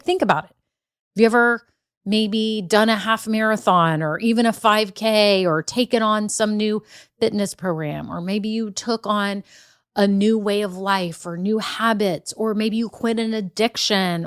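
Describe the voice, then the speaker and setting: A woman's voice: medium pitch, no room sound, studio quality. A middle-aged woman, hosting her own podcast from a room at home and talking straight to her listeners in an upbeat, chatty way. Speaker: podcast host. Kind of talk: solo podcast talk.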